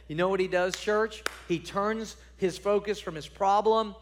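A man with a notably high voice preaches a sermon to his congregation. He is emphatic and earnest, repeating words as he builds his points and turning to the church with direct questions. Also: steady tone, unhurried, few pauses. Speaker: pastor.

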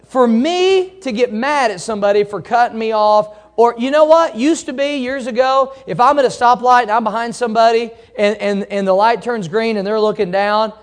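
A man preaching a sermon in a noticeably high voice. He talks in a folksy, animated way, teasing himself and acting out the people in his stories. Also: moderate pace, hardly any pauses. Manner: animated, folksy, laughs at himself, acts out shouting drivers. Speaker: pastor.

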